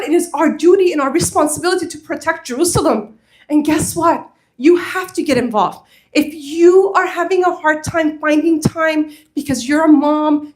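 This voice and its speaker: A woman with a bright, high voice addresses a crowd at a mosque gathering. She speaks as a community organizer, heartfelt and earnest, and presses the audience with urgent appeals. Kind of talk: impassioned speech to an audience. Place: community hall at a mosque event.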